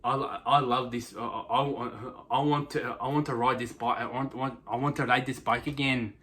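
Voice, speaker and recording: A guy putting on a mock japanese-accented motocross rider, halting and eager, stumbling over his words, bright edgy tone. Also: medium pitch, steady tone, lightly acted. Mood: wistful.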